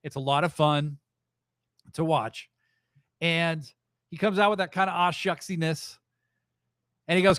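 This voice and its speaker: A man hosting a live wrestling podcast, recapping events in a rambling, excitable, profane way. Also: on the high side, measured pace, long pauses, clear, resonant tone, no echo, clean studio sound. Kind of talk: casual live show recap.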